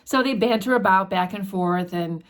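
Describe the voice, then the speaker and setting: A woman hosting a book channel, retelling a classic novel in a relaxed, conversational way with fillers and restarts. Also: mid-range voice, moderate pace. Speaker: book discussion host. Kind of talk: casual book summary with read quotes.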